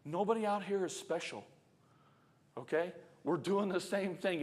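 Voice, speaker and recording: A man's voice: high-pitched, unhurried, a little mellow. Man preaching a chatty storytelling sermon. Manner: conversational, chuckling, talks to the congregation. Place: church sanctuary.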